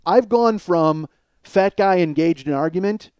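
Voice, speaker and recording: A man in his forties, a comedian host, telling a long story in a blunt, profane, animated way. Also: high-pitched, measured pace, clear, resonant tone, no echo, highs cut off. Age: 40s.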